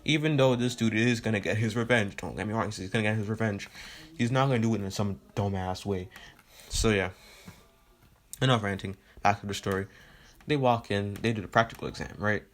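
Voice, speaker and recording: A man's voice: on the low side, fairly quick. A man telling a fan story in a casual, rambling way with lots of fillers and swearing.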